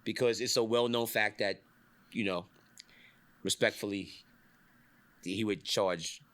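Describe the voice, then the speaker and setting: A middle-aged man telling a casual industry story, swearing, laughing often and acting out the people he quotes. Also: measured pace. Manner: animated, swearing, acts out quotes with big pitch jumps, laughs often. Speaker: podcast host telling industry stories.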